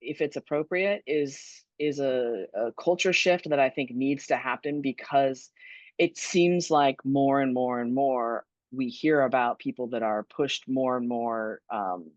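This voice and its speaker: A woman with a bass voice talks at a measured pace, without echo, as a guest speaker on a webinar. Once a fire battalion chief, she answers questions earnestly and conversationally, often saying um and starting over, on dull, dry lo-fi audio.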